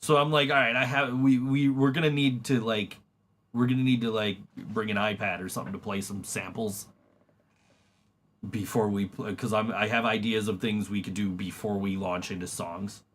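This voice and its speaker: On the lower side yet a bit bright, with fairly even intonation at normal speed, this casual podcast host talks about his band, laughing often, cursing freely, and restarting constantly. A little hiss or hum sits under the recording.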